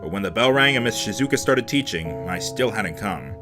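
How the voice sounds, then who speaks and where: A man's voice: on the low side, lively intonation, a little fast, music in the background. A man reading a visual novel aloud as host, dropping sarcastic asides between the lines of narration. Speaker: let's play host.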